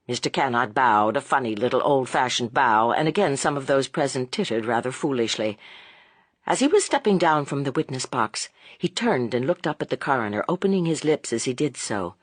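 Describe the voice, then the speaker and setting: An audiobook narrator reading a classic novel in a measured, expressive way. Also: mid-range voice, husky, no echo.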